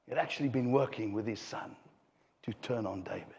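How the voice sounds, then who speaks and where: A man preaching a sermon, swinging from hushed low asides to raised, impassioned passages. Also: brisk, gravelly. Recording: dull sound with long hall reverb.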